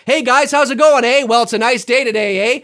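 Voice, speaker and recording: A cheery, dim-witted cartoon Canadian, as a man puts him on, rounding his vowels and ending every line with a questioning "eh". The voice jumps high and loud, sounding friendly and a bit thick. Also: rapid-fire.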